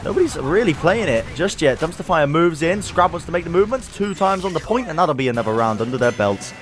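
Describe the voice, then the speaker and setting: A man casting a competitive online match with play-by-play commentary, energetic and jokey, his pitch climbing on big plays. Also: quick pace, over music. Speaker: esports caster.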